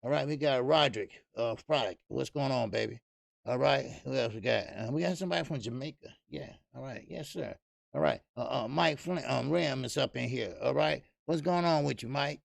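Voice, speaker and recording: A boxing channel host greets viewers on a live stream and rants loosely, full of fillers and profanity. His gravelly voice is medium in pitch at a moderate pace, with no room sound.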